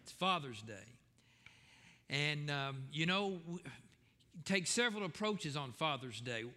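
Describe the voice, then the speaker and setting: A man's voice: a little high, expressive, a little slow, pushed and bright, big-room sound. A man preaching a sermon in a church, talking in a conversational way with fillers and restarts, then building to emphatic questions. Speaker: pastor. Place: church sanctuary.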